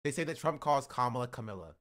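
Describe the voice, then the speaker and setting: A man's voice: medium pitch, lively intonation, fast, fairly bright tone. A young man streaming live, reacting to videos with joking, mock-outraged rants. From United States.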